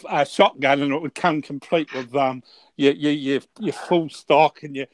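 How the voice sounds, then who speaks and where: Halting New Zealand man, dry sound. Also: on the high side, steady tone, no echo. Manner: halting, with many restarts. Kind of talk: casual chat.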